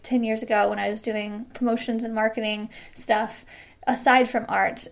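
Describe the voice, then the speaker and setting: A woman in her thirties hosting a casual solo podcast, bubbly and quick to laugh. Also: on the high side. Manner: bubbly, laughs often, acts out quoted excited voices. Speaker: podcast host.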